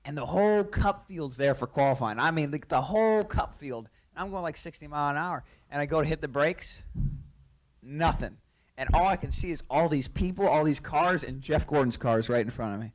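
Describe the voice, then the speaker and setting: A man's voice: fairly high pitch, moderate pace. Laughing man telling a racing story. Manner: animated, laughs through his story. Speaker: racing driver. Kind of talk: storytelling anecdote.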